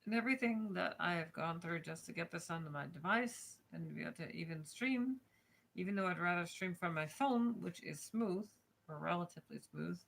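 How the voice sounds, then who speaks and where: Woman, streamer, casual chat, frustrated, swearing, gravelly fry, bright tone. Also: lowish voice, a little fast, a little hiss or hum. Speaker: streamer reading books aloud.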